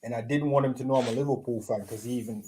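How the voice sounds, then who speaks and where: A man co-hosts a relaxed football chat. He tells stories in a playful, slangy way and slips into voices for the people he quotes. His pitch sits in the middle range for a man. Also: racing, crowd noise. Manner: playful storyteller, acts out quotes. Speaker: co-host.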